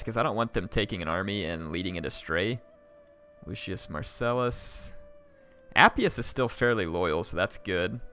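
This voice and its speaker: A man live-streaming a strategy game, excitably yelling orders at his units and chatting with viewers. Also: deep voice, clean tone.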